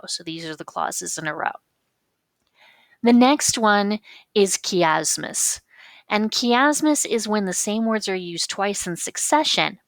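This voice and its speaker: A woman teacher explaining figures of speech patiently, reading quotations slowly and with emphasis. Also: fairly low pitch, fairly bright tone, no echo. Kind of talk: recorded lecture on figures of speech.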